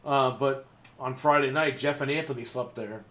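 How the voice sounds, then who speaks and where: A man's voice: medium pitch, normal speed, fairly bright tone. A man co-hosting a gaming podcast, telling stories in casual chat while playing, swearing freely. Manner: swearing, storytelling with laughs. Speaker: podcast co-host.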